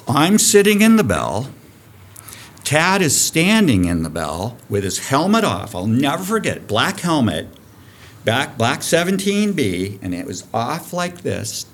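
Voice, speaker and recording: A man in his fifties, a diving program director, telling a dive story on a podcast guest spot, animated and profane. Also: medium pitch, unhurried. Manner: animated, profane storyteller who acts out shouting.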